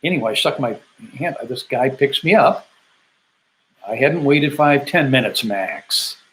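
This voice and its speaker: An older man in his seventies, a veteran casually recounting his journey home. He rambles in easy, conversational stretches, restarting sentences and slipping into quoted dialogue, at a middle pitch with a faint hum of room noise behind him. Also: expressive, a little slow, fairly bright tone, low-quality recording. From Grand Rapids, Michigan, USA. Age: 70s. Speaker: Vietnam veteran telling his story. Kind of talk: casual first-person storytelling.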